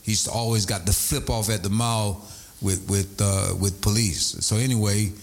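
A male pastor preaching a sermon, animated, shouting at times and sliding into a sing-song high voice. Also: normal speed.

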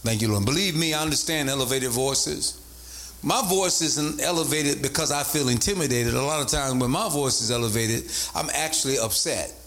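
A man preaching a sermon as bishop, repeating points and rising into sing-song emphasis. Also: moderate pace. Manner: animated, swoops from low to high pitch, sing-song emphasis.

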